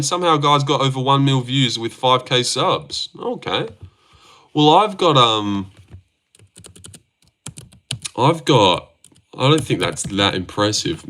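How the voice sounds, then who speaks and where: A man's voice: fairly low pitch, sharp tone. An Australian man chatting casually on a livestream, answering viewer comments in a blunt, profane and rambling way. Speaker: MMA predictions livestreamer.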